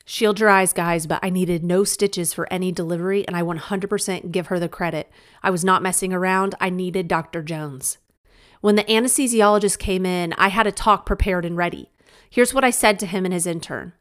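A woman's voice: lowish voice, fairly quick. A woman reading her own book aloud as a memoir, candid and emphatic, with wry humor, speaking straight to the listener. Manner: conversational, addressing the listener directly. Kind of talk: audiobook narration of a memoir.

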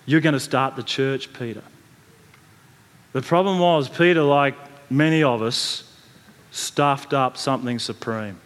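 A man's voice: mid-range voice, a little slow, long pauses, clear, resonant tone. A man preaching a sermon, telling the story in a conversational way with frequent restarts and repeated words. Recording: long reverb from a large hall.

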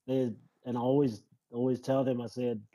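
A New man chats as an interview guest in an easygoing, rambling way, dotted with ums and likes. His voice is very dark and mellow. The sound is dry and close. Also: medium pitch, moderate pace, no room sound, rough recording. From New Zealand. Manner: relaxed, rambling with many fillers. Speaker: guest, rugby league player. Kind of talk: casual podcast interview.

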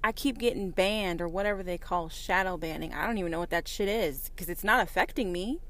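A woman hosting her own podcast, talking in a defiant, profane, preachy monologue that swings between quiet musing and loud outbursts. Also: lowish voice, a little fast, few pauses. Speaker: podcast host.

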